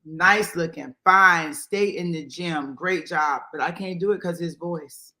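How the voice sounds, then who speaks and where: A woman guest in casual chat with a raspy voice, brash and swearing freely, laughing loudly. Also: on the low side, measured pace.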